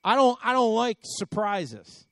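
A man with a notably high voice preaches a sermon, telling it like a personal story. He often doubles his words and rises into emphatic swells. The sound is close and dry. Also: sing-song, measured pace, fairly bright tone, no echo. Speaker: pastor.

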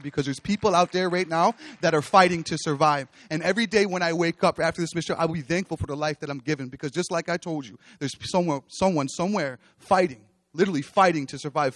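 A man preaches an earnest exhortation at a church meeting, talking fast in a fairly high voice. His voice sounds dry and close. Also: no room sound. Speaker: mission team member giving a devotional.

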